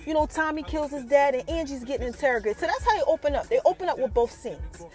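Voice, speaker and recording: A woman's voice: high voice, fast talker, a little mellow, faint music behind. A woman hosting a podcast and recapping a TV episode in a casual, slangy way. She keeps calling out to her listeners and teasing them with questions. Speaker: podcast host.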